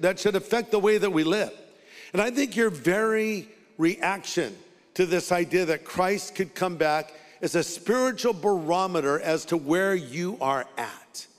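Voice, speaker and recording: A man's voice: high voice, big-room sound. A man pastor preaching a sermon with emphatic delivery, leading the congregation in responses and slipping in humorous asides.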